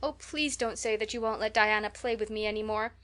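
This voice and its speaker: A woman reading aloud and voicing an excitable, dramatic orphan girl who pleads in high-flown words. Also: a little fast, close to an everyday voice. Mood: pleading.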